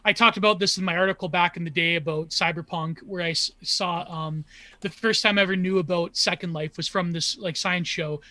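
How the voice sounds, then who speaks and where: A man from Canada chatting casually as a stream guest, excitable, swearing and using many fillers. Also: high voice, a little fast, no room sound. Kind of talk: casual chat.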